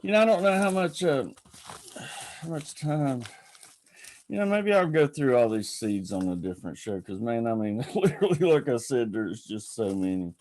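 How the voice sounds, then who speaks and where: A man's voice: mid-range voice, expressive, moderate pace, a little mellow. A man hosting a casual livestream, rambling and greeting viewers by name. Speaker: livestream host.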